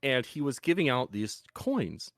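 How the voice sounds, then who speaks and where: A man's voice: medium pitch, very animated, unhurried, a bit bright, no room sound, clean studio sound. A young man hosting a podcast, explaining in a casual, rambling way with frequent restarts. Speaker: podcast host.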